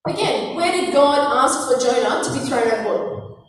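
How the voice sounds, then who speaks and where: High-pitched woman giving a chatty jokey sermon, mic far off, big echo and faint hiss. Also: animated, normal speed. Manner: casual and joking, with emphatic rhetorical questions. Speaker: preacher. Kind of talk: informal sermon teaching.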